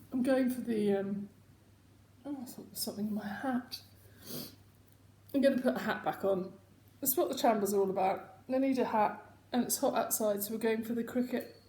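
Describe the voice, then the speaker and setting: A woman's voice: on the high side, dark tone, a little hiss or hum. Chatty, rambling woman, roomy sound. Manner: chatty, rambling, self-mocking. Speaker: host. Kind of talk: casual chat. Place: home room. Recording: echoey home room.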